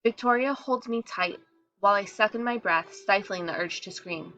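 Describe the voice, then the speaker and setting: A woman's voice: fairly even intonation, moderate pace, muffled recording. A woman reading a first-person story aloud, briefly voicing the other girls in their lines. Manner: acts out the girls' lines with shifts in pitch and loudness. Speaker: reader.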